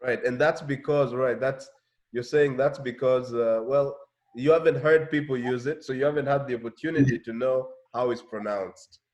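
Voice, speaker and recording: A man's voice: mid-range voice, steady tone, moderate pace, a little mellow. A man from Africa hosting a casual interview, thoughtful and restarting his phrases as he works through ideas.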